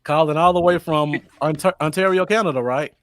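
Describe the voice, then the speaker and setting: A man's voice: fairly high pitch, fairly quick, no room sound, studio quality. A man hosting a call-in podcast, talking casually and easily to listeners. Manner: easygoing, talks to the audience. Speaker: podcast host running call-ins. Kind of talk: casual chat.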